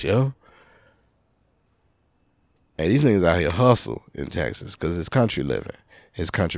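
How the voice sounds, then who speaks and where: A man with a low, deep voice hosts a solo podcast and rambles through stories in a loose, profane, animated way. The sound is dry and close, with no room behind it. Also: normal speed, long pauses, no room sound. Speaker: podcast host. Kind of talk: casual solo podcast rant.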